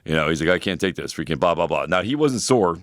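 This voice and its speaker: A man's voice: sits low, animated, quick pace, no echo. A man in his forties, a personal trainer co-hosting an advice podcast, talking bluntly and profanely with lots of fillers. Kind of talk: casual advice podcast chat.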